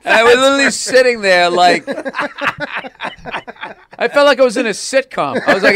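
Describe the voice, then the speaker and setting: A man's voice: very high-pitched, brisk, pauses often, noisy background. Profane storyteller man. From Boston, USA. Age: middle-aged. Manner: profane, rambling storyteller, lots of "like". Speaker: comedian guest. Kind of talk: casual podcast chat.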